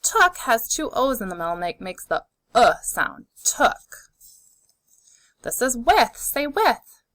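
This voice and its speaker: A woman teacher leads young children through a phonics lesson, sounding out each word with care. She speaks slowly and clearly, her pitch rising and falling in a lively, encouraging way. The recording is dry and close, with no room sound. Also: no echo.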